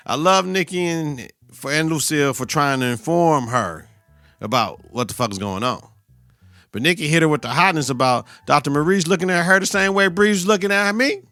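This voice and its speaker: A man's voice: on the high side, lively intonation, fairly quick, bright, forceful tone, no room sound, soft background music. A man hosting a podcast, recapping a TV episode in casual, profane, slang-heavy talk and talking back at the characters. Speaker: podcast host.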